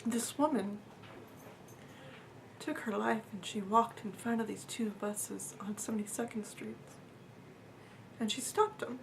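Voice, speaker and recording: Earnest woman softly telling a story. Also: a little high, vocal fry, a little hiss or hum. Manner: earnest, halting, with fillers and repeats, voice dropping to a near whisper at times. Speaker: vlogger telling a personal story. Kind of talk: casual personal storytelling.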